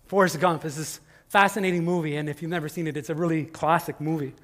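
A middle-aged male pastor giving a conversational sermon in a church, swinging from loud emphasis to hushed asides. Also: a little high, fairly even intonation, quick pace. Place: church sanctuary. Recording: long hall reverb with faint music.

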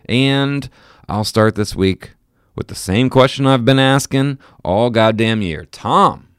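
A man's voice: medium pitch, slow pace, fairly bright tone, smooth, dry recording, clean studio sound. A man co-hosting a casual culture podcast, joking and restarting his sentences as he talks. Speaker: podcast co-host. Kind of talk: casual chat. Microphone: remote call mic.

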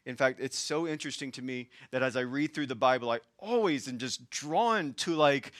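A man with a Southern US accent preaching a sermon as pastor, passionately shifting between hushed and raised delivery. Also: medium pitch, moderate pace, few pauses, no echo, studio quality.

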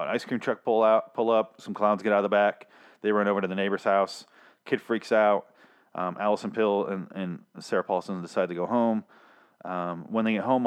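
A man with a fairly low voice casually recaps a TV episode. He swears freely and rants in exasperation, scattering his talk with "um" and "you know.". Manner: profane, exasperated ranting with frequent fillers. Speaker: TV episode reviewer.

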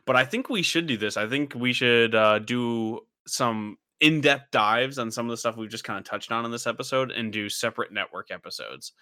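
A man's voice: mid-range voice, moderate pace, hardly any pauses, sharp tone, dry recording, clean studio sound. A young man hosting a casual podcast chat, rambling with many fillers and frequent laughs. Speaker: podcast host.

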